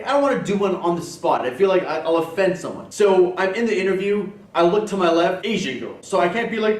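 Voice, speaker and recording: Sarcastic young man ranting on camera. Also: high-pitched. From Persian family background. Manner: sarcastic, profane, fast-talking. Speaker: vlogger. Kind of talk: comedic storytelling rant. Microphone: camcorder mic. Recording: roomy, distant camcorder audio.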